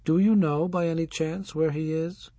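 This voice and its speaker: A man's voice: on the high side, steady tone, mellow, no echo, highs cut off, voice pushed up, natural voice. A man voicing a stern older rabbi. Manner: lofty, preaching, slow on emphasis.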